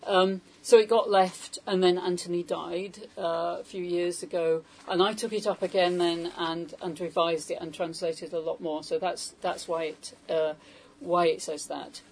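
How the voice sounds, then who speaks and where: A woman's voice: on the low side, steady tone, a little slow, rough recording. A woman translator giving an informal talk on poetry to a small audience, hesitant and full of questions to the room. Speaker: poetry translator leading a salon.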